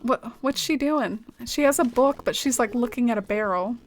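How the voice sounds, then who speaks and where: A woman hosting a relaxed game stream, talking in a rambling, chatty way with a slightly high voice. Soft game music plays faintly behind her. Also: normal speed. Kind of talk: casual live-stream chat.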